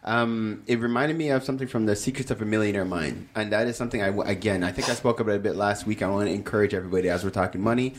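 A man hosting a casual podcast chat, low-key and affirming. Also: fairly even intonation, rapid-fire, hardly any pauses, slight background noise.

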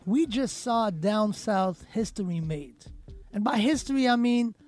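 A man's voice: high voice, lively intonation, measured pace, a little mellow, faint music behind. A man hosting a casual podcast, giving opinionated commentary with passion and emphatic repetition. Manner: passionate, emphatic, repeats words for stress.

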